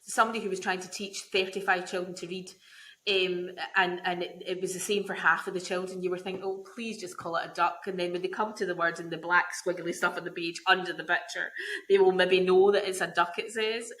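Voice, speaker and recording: A woman's voice: lowish voice, level tone, fairly quick, fairly bright tone, rough recording. Brief: middle-aged woman, podcast host, curious questioner, frequent affirmations. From United Kingdom. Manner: curious questioning, many backchannels. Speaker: podcast host, former teacher. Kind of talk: podcast interview.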